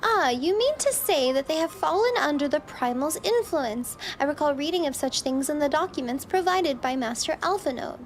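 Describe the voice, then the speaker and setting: A woman's voice: high voice, expressive, slight background noise. A woman reading as a composed noblewoman commander. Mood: measured. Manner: measured, formal speech. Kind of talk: reading game dialogue aloud. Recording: game music playing underneath.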